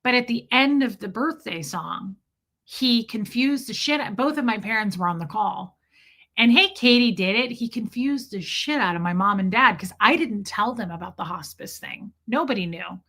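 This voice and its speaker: A young woman hosting a livestream tells a long personal story in a relaxed, chatty way, often pausing to answer viewer comments before returning to it. Her voice is bright and sharp, medium in pitch and expressive, at a moderate pace.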